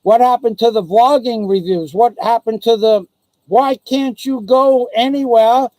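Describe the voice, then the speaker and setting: Speaking at an extremely high pitch with a darkish tone and measured pace, a vlogger based in the Philippines angrily curses, taunts, and threatens someone on his live stream. The recording is rough, with no room sound.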